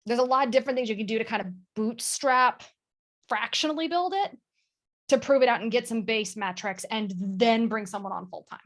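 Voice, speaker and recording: Brief: candid woman on a call, slightly high voice, quick and blunt. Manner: frank, fast, swears casually. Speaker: guest sales leader. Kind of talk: casual panel chat.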